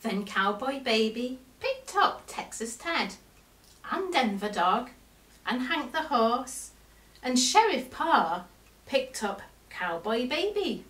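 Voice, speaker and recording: A woman reading a children's bedtime story aloud in a slow, expressive way. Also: fairly high pitch, recorded from a distance. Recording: echoey room.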